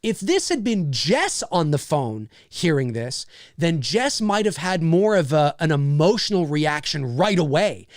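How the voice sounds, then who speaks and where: A man's voice: on the high side, a little slow, hardly any pauses, dry recording, studio quality. A man hosting a casual livestream, animatedly talking through film scenes he made. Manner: animated, acts out scenes as he explains.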